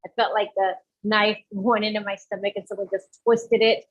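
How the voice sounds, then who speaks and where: A woman guest entrepreneur on an interview podcast, medium-pitched and moderately paced, recounts her story with animation. She acts out other people's lines, and the recording sounds dull and lo-fi.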